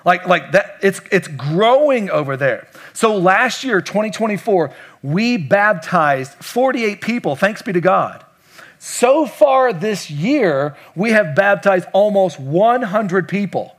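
Male pastor, middle-aged, from kentucky, high voice, emphatic preaching, asks the congregation questions. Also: animated, slow pace. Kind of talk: preaching a sermon.

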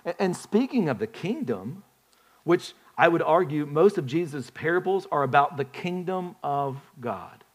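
A male pastor delivers a sermon in a loose, conversational way, with a voice that sits a little on the high side. He keeps putting questions to his listeners and often restarts his phrases as he talks. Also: animated, measured pace. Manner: conversational, asks the congregation questions, frequent restarts.

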